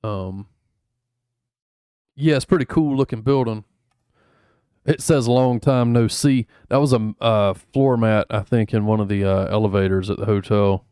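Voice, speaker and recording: A man's voice: on the low side, steady tone, measured pace, long pauses, warm tone, smooth, dry recording, clean studio sound. Rambling laid-back man on stream. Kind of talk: casual chat.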